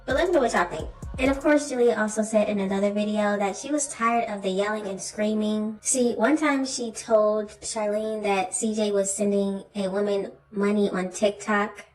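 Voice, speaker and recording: A woman's voice: mid-range voice, steady tone, normal speed, roomy sound, far from the mic, soft background music, rough recording. A woman hosting a reaction video, giving her opinions directly to viewers. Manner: opinionated, talks straight to viewers. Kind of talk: commentary on a drama clip.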